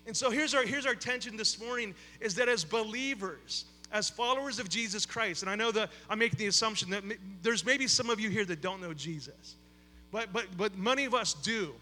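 This campus pastor's voice is high, bright and forceful, and he speaks fairly quickly, echoing through a large hall. Starting with a prayer, his conversational sermon in the church sanctuary is loaded with fillers and repeated words.

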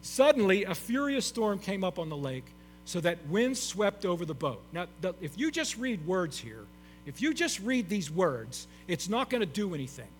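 High, lively-voiced emphatic preacher man. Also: moderate pace. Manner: emphatic, repeats key phrases, addresses the congregation as church. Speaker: pastor. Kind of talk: sermon. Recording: long hall reverb with faint mains hum.

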